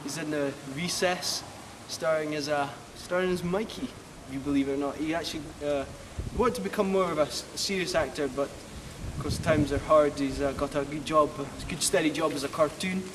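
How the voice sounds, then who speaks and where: A man hosting a spoof town tour, talking outdoors in a rambling, deadpan way with swearing asides. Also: fairly high pitch, moderate pace, hardly any pauses. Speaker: spoof town guide host. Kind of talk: mock-serious walking tour monologue. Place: outdoors in town streets, windy. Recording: windy outdoor sound, far from mic.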